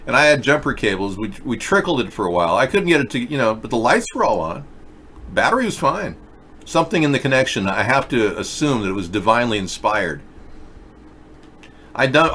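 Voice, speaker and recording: A man hosts a casual video chat show, rambling through stories and reading viewer comments aloud. His voice is mid-range and a bit bright, with a little hiss or hum in the recording.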